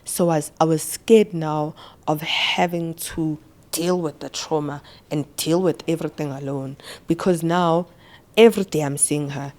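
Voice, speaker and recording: Low-voiced South African woman, halting. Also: fairly even intonation, a little mellow. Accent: South African, mixing isiZulu and English. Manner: halting, stammering repetitions; switches between English and isiZulu mid-sentence. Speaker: podcast guest. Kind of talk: personal storytelling interview.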